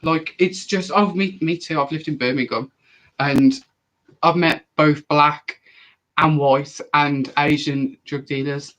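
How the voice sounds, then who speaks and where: A young man chats on a live stream, his voice sitting a little higher than most men's. He answers viewer questions in a loose, rambling way, jumping in animatedly and often breaking off mid-sentence to start again. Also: steady tone, takes it slowly, a bit bright, poor audio. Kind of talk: casual live chat.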